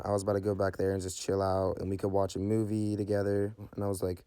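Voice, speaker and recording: Fast-talking flat-voiced young man. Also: on the low side, no echo, clean studio sound. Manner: rambling, swears freely, lots of "like" and "you know". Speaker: storyteller. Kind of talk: casual storytime vlog.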